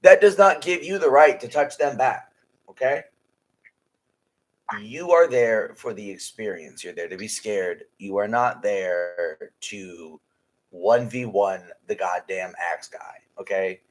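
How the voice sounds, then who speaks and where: A man's voice: lowish voice, slow, rough recording. A man co-hosting a casual podcast, talking emphatically and bluntly, with plenty of swearing. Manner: emphatic, blunt and profane, ranting. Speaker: podcast co-host and haunted house scare actor.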